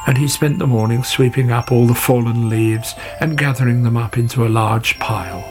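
A man reading a children's story aloud in a gentle, measured way, over background music. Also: medium pitch. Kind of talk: scripted storybook narration. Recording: music playing under the voice.

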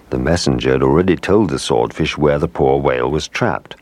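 Deep-voiced man reading a storybook. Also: brisk, a little mellow, dry recording. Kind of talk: children's storybook narration.

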